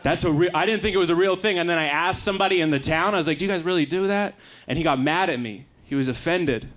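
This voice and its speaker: Young man doing deadpan stand-up. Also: on the high side. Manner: deadpan, quick asides. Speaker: stand-up comedian. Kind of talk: stand-up set. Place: comedy club stage. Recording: live club recording with faint crowd noise. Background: faint audience laughter.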